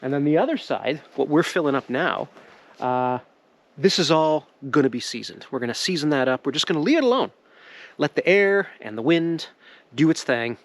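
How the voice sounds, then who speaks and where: A man's voice: a little high, lively intonation, moderate pace. A middle-aged man vlogging casually outdoors in snowy woods, rambling and joking as he works and laughing often.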